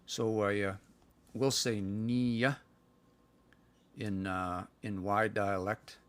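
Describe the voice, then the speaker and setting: A man giving a casual live-stream language lesson from home. He thinks aloud and sounds out words slowly. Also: lowish voice, creaky. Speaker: language teacher.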